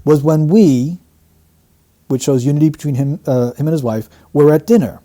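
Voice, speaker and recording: A man with a fairly high, very mellow voice talks through a recorded statement. He picks it apart phrase by phrase in a steady, teaching tone. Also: normal speed. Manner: explanatory, breaks down quotes phrase by phrase. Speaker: statement analyst. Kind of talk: analytical commentary.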